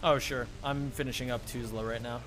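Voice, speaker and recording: A man's voice: medium pitch, fairly even intonation, fairly quick, noisy background. A young man speedrunning a game, rambling through a funny story with frequent laughs and casual swearing. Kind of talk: casual chat while gaming.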